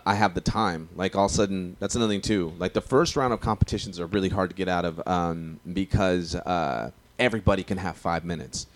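Deep-voiced comedian. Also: male voice. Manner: slangy, profane, rambling storytelling. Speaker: stand-up comedian. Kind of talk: casual podcast chat.

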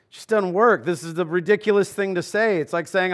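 In a church sanctuary, a male pastor preaches conversationally to the congregation, swinging between loud emphasis and quiet asides. His voice sits high, and he talks fast with few pauses.

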